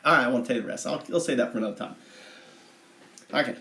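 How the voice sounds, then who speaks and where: A man telling a mythic story on a livestream, meandering and halting with many asides. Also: mid-range voice, pushed and bright. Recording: echoey room.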